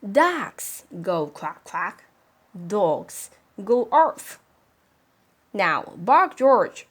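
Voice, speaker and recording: A woman's voice: mid-range voice, very animated, heavily acted. A woman voicing a patient but increasingly desperate mother dog in a storybook read-aloud. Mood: pleading. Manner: slow, emphatic, pleading.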